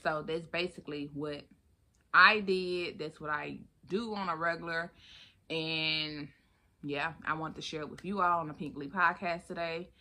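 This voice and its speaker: A woman hosting her own podcast in a casual solo chat, animated and expressive, calling listeners honey and baby. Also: low voice, normal speed. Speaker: podcast host.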